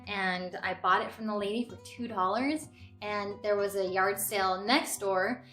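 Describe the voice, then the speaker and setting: A young woman hosting a casual vlog, gushing with excitement as she shows off her finds. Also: medium pitch, moderate pace. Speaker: host showing a thrift haul. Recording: echoey room, faint music.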